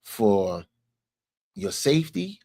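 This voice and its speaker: A man's voice: on the low side, sing-song, takes it slowly, dark tone, no echo, clean studio sound. A man vlogging, telling a story in a loose, conversational way. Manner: conversational, repeats "you know what I'm saying". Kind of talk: casual storytelling.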